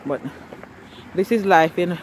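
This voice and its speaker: A woman's voice: lowish voice, slow pace. A woman with a Jamaican accent chatting playfully into a handheld phone camera outdoors, teasing with questions and laughing often. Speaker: family vlogger. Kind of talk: casual vlog chat. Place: outdoors on a cold street. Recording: outdoor street noise.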